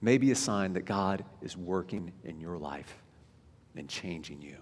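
A man's voice: sits low, animated, a little slow, slight background noise. A man preaching a sermon in a conversational, storytelling way, sometimes dropping almost to a whisper. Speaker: pastor. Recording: long hall reverb.

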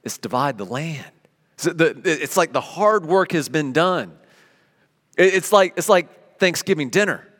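A man preaching a sermon as pastor, animated and conversational, with everyday examples. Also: on the high side, a little slow, long reverb tail.

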